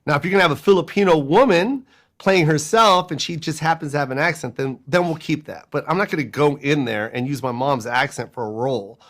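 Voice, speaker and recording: A man chatting as an interview guest, a comedian who tells his stories in animated bursts and laughs often. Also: a little high. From United States. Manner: animated, laughs often, fast storytelling asides. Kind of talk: casual interview chat.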